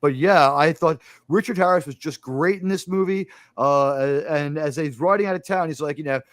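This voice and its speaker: A man's voice: fairly high pitch, moderate pace, no echo. Dry-voiced man retelling movie scenes. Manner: animated storytelling, acting out movie lines; rambling with frequent fillers and restarts. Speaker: podcast host. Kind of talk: casual film discussion.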